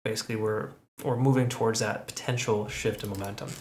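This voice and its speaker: A man's voice: fairly low pitch, fairly even intonation, brisk, darkish tone. A man walking through crypto price charts in a conversational way, often checking in with "okay" and "right?". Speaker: crypto market analyst. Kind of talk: chart analysis commentary. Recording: roomy echo.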